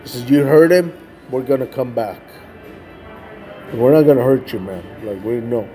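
A man's voice: medium pitch, normal speed, warm tone, soft background music. A man, a street evangelist, telling a testimony in a casual way, often saying "man" and "like" and acting out the people he quotes. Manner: casual, repeats "man" and "like", acts out quoted voices. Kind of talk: testimony storytelling.

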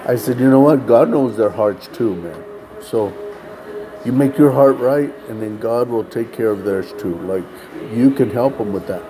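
Over music on a rough recording, a man with a medium-pitched voice speaks at normal speed. He's a storyteller sharing a personal street ministry account testimony-style, voicing others' dialogue and frequently saying "man."

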